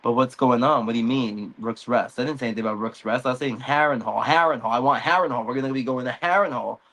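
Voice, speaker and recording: A man's voice: medium pitch, quick pace, a bit bright, poor audio. A man voicing a petulant young king who whines that nobody listens to him. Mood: whiny. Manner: whining, indignant.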